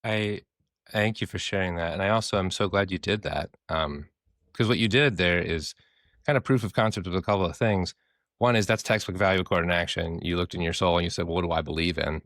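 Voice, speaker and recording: Deep-voiced man, thoughtful podcast reply. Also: brisk, a bit bright, dry recording, clean studio sound. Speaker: podcast co-host. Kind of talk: casual chat.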